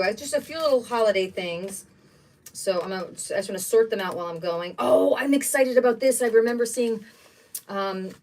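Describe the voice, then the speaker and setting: A middle-aged woman hosting a craft livestream, chatting in a rambling, excitable way while she unpacks supplies at home. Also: fairly low pitch, recorded from a distance. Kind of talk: casual chat while unboxing craft supplies.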